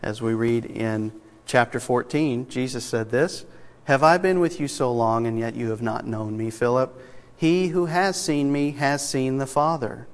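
A man's voice: medium pitch, measured pace. A man preaching an expository sermon, reading scripture aloud and stressing single words with emphasis. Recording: long reverb of a large hall.

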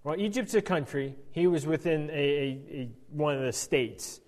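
A male Bible teacher talks through the lesson in a conversational, animated way, stumbling into restarts and tossing off wry asides. His voice sits a little high for a man. A long hall reverb hangs on every phrase. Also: moderate pace.

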